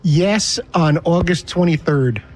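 A man's voice: a little high, slow pace, faint music behind. A man co-hosting a sports radio show, talking eagerly in casual banter. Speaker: co-host.

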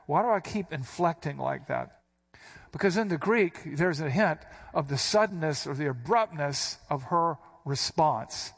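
Guy preaching a bible sermon, kinda high voice, punches the quoted lines hard. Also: breathy edge. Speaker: pastor.

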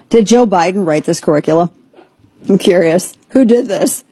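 Husky-voiced woman hosting talk radio. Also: fairly low pitch, animated, measured pace, mellow, no room sound. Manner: incredulous, joking, trailing restarts. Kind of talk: casual on-air commentary.

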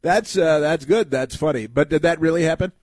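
A man's voice: a little high, fairly quick, a little mellow, no echo. A man hosting a call-in radio talk show, talking to a caller in a rambling, chatty way with many fillers and restarts.

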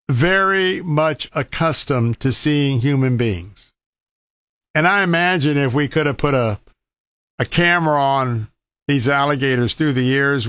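A man's voice: mid-range voice, a bit bright, no room sound. Folksy man with a dry close sound. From Florida. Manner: folksy, emphatic warnings with repeated words. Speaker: outdoor storyteller giving wildlife safety advice. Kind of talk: casual storytelling monologue.

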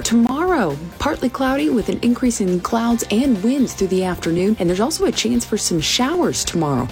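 A woman's voice: mid-range voice, a little mellow. Woman reading the weather. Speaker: weather forecaster. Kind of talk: scripted weather report.

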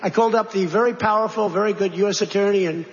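A politician speaking to a crowd, rambling between topics with repeated phrases, asides and rhetorical questions. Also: male voice, high-pitched, fairly even intonation, quick pace. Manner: digressive, repetitive, conversational asides and rhetorical questions. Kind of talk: rambling campaign-style speech. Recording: dull, reverberant hall recording with faint noise.

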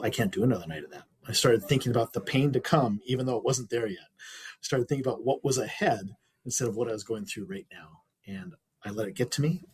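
Heard through a rough recording, this male interview guest has a lowish, very husky voice. He shares a personal story in a sincere, reflective manner, frequently starting his sentences over.

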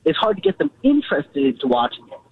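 A man's voice: fairly high pitch, wildly swooping pitch, quick pace, husky, no echo. A man calling in to a sports radio show, earnest and repeating his points. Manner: earnest, repetitive. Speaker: caller. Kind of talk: phone-in caller. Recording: tinny phone line, dry.

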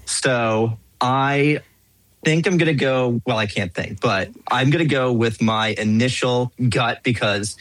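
A man playing a trivia game, thinking his answers through out loud with some hesitation. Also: mid-range voice, measured pace, no echo, poor audio. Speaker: quiz contestant. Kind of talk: casual chat.

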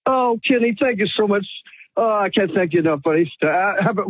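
A man's voice: high-pitched, expressive, brisk, husky, no echo. Emotional, stammering male caller. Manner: emotional, stammering and effusively grateful. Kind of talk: phone-in conversation.

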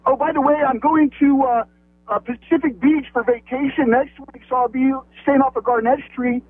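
High-pitched caller guy, rambles with lots of you-knows, phone sound. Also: steady tone, normal speed, slightly rough, no room sound. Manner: meandering, filler-heavy. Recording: tinny dry phone line.

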